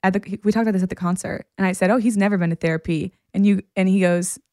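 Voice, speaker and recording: A woman podcast host chatting casually, her voice pitched in a middling range and recorded close and dry with no room sound. She tells stories with animation and breaks into laughter often. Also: steady tone, fast, dark tone, no room sound. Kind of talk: casual storytelling chat.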